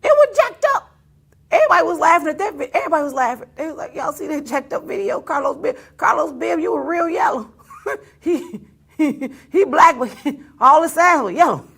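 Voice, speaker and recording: A woman's voice: sits high, lively intonation, brisk, creaky, fairly bright tone. A woman talk show host, ranting to her viewers in a teasing, laughing way. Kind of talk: casual on-air rant to viewers.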